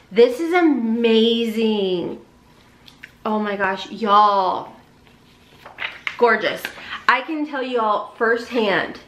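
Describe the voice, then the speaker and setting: A woman chatting excitedly through a beauty box unboxing, gushing and addressing viewers as y'all. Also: on the high side, echoey room. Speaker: beauty vlogger. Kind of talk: casual unboxing chat.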